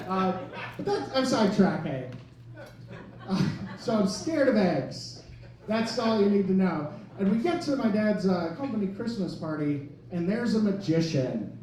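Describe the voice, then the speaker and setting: A man's voice: high-pitched, expressive, moderate pace, darkish tone. A young man from Wisconsin doing stand-up, telling a rambling, self-mocking story full of "like" fillers. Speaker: stand-up comedian. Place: comedy club stage. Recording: echoey club mic from a distance. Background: audience laughter.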